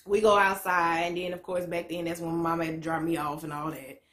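A woman in her late twenties, a motivational vlogger, tells a story to camera in a blunt, profane, slang-heavy way. Her voice sits on the low side with a fairly bright tone, delivered flatly and a little fast. The room is echoey.

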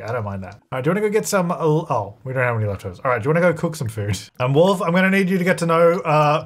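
A man's voice: on the high side, a bit bright. A man giving casual let's-play commentary, chatty and narrating his own moves, laughing often. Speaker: gaming video creator.

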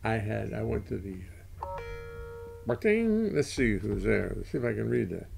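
Gravelly older man chatting casually. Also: fairly low pitch, sing-song, normal speed, darkish tone, soft background music. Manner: rambling, self-interrupting, chatty. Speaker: livestream host. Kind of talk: casual chat.

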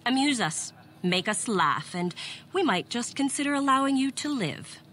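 A woman's voice: fairly high pitch, expressive, moderate pace, a bit bright, a little hiss or hum. An actress voicing a cruel, haughty female Sith bully who taunts in a mocking way. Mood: threatening.

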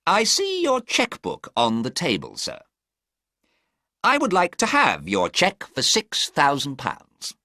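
A man's voice: fairly high pitch, wildly swooping pitch, unhurried, pushed and bright, no room sound, studio quality, pitched above the performer's own voice, full character voice. A man reading a storybook, voicing a cool, confident male detective in a raised, precise voice.

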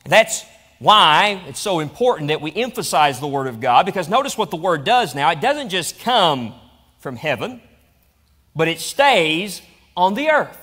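A man with a high voice preaches from the pulpit, his delivery rising and swelling through repeated phrases. He preaches in a church hall. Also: big pitch swings, a little slow, a bit bright. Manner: preaching with rising emphatic repetition. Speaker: pastor. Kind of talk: sermon. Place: church auditorium.

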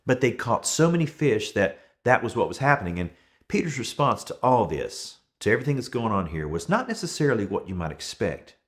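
A man in his thirties, a pastor giving a conversational sermon and telling relaxed everyday stories to make his points. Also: medium pitch, brisk. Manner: relaxed storytelling with everyday examples.

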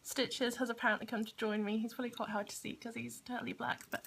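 A woman's voice: a little high, little pitch movement, quick pace, vocal fry, few pauses, fairly bright tone, a little hiss or hum. A woman with a Grimsby accent, chatting casually to camera at home in a rambling vlog, often breaking off mid-thought. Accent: Grimsby English. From Grimsby, England. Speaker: vlogger. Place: at home, indoors. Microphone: camera on a small tripod.

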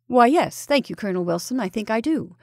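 A woman's voice: fairly high pitch, lively intonation, brisk, no room sound, studio quality. A woman voicing a fussy, fair-minded male professor who talks in a prim, slightly defensive way. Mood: reasoning.

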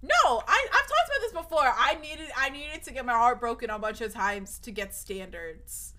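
A young woman streamer talks casually with her live viewers in a fairly high voice that swings widely in pitch, sounding pushed and bright at a moderate pace. She rambles nervously, keeps restarting, swears, and her voice cracks.

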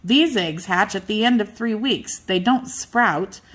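A woman's voice: medium pitch, measured pace, a bit bright, slightly rough. An older woman voicing two motherly old hens who patiently explain how eggs hatch.

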